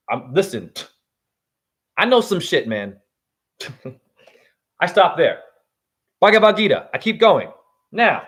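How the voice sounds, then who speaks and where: High-voiced guy going off in a swearing spiritual rant, voice jumping all over, loud then quiet. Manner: heated, swearing, swings between loud and hushed. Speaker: spiritual vlogger. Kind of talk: profane ranting monologue.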